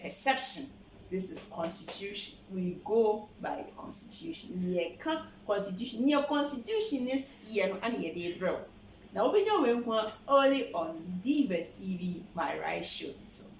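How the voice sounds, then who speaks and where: A woman's voice: on the high side, echoey room, far from the mic, a little hiss or hum, poor audio. A Ghanaian woman hosting a show, passionately explaining the law and switching between English and Twi. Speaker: host.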